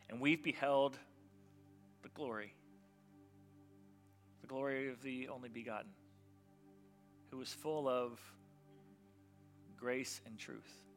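Bright-voiced male pastor preaching animatedly. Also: medium pitch. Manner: animated storytelling, acting out voices of biblical figures; swings from loud and emphatic to quiet and soft. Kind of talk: sermon.

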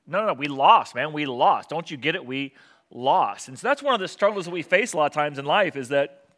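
Bright-voiced male pastor preaching. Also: on the high side. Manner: conversational preaching with many fillers. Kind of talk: sermon.

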